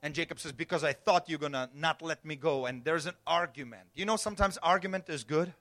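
Male pastor, high bright voice, storytelling sermon that dips to a hush and climbs to shouts. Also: brisk, soft background music. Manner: storytelling, swings from hushed to shouting.

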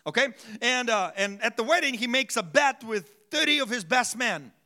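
A man's voice: very high voice, expressive, normal speed, sharp tone. A man preaching a sermon as pastor, in a conversational way that keeps asking the congregation questions.

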